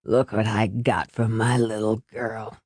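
A woman's voice: extremely low pitch, little pitch movement, measured pace, a little mellow, slightly rough, no room sound, clean studio sound, pitched below the performer's own voice, heavily acted. A woman voicing a drunk middle-aged father who slurs and lurches through his words. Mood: slurring. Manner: slurred, lurching, sloppy.

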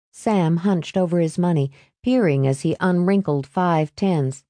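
A woman reading an audiobook in a steady, even scripted narration, close to the mic. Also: fairly low pitch, unhurried, few pauses, dry recording.

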